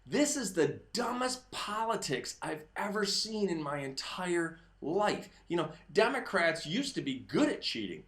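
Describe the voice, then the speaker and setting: A man's voice: sits high, sing-song, measured pace, hardly any pauses. Man, political commentary host, emphatic, raised voice at times, echoey room. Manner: emphatic, sometimes shouting. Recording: roomy echo.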